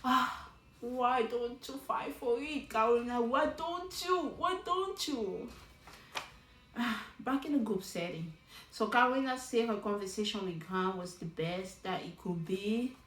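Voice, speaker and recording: A woman giving a casual recap of a reality show, chatty and animated, often talking straight to the people on screen. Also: a little high, moderate pace, roomy sound, a little hiss or hum, low-quality recording. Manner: chatty and animated, talks straight to the show's cast.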